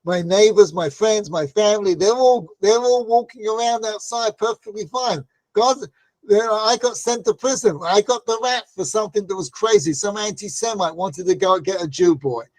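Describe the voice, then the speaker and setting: In a dry recording, a man whose voice sits high with a darkish tone leads a Torah class at a normal pace. His conversational stories feature repeated "right?" asides and performed quotes.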